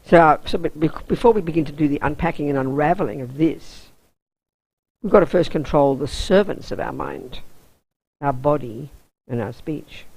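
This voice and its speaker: A woman's voice: deep voice, normal speed, gravelly, a little mellow, breathy edge, no echo, low-quality recording. An Australian woman, a Buddhist nun, teaching a weekend course in an intense, emphatic, down-to-earth way.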